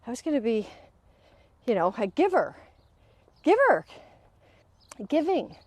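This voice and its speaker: A woman's voice: a little high, moderate pace, dry recording. A woman host and coach speaking in a walk-and-talk monologue, telling stories and acting out the people she quotes. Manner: animated storytelling, acting out quoted voices.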